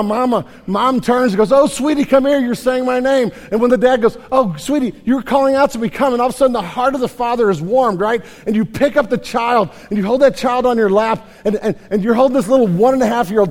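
Pastor, male, higher register, animated conversational delivery with restarts; hall reverb. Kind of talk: sermon.

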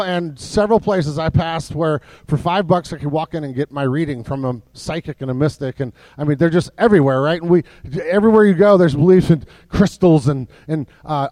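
A man with a high-pitched voice delivers a sermon from the pulpit, chatty and full of fillers and restarts. He sometimes drops to a soft, low voice for emphasis. The sound is dry and close. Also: dry recording. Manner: conversational preaching with many fillers and restarts. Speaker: pastor.

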